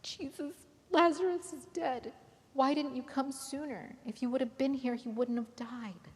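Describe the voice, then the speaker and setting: A woman voicing a grieving young woman who pleads tearfully and loudly, in a children's Bible story. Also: sits high, steady tone, a little slow, pitched above the performer's own voice. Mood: anguished. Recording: reverberant hall.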